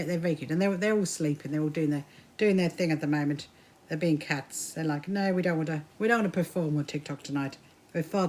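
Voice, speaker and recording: A woman from the south coast of England, with a mixed Kentish and Sussex accent and a lowish, slightly mellow voice, sews while chatting casually on a livestream. She greets viewers by name and laughs often.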